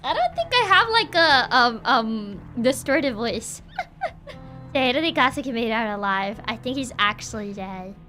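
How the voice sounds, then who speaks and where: Woman game streamer, bright, self-mocking and giggly, faint game music. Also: a little high, sing-song, moderate pace. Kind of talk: casual let's play commentary.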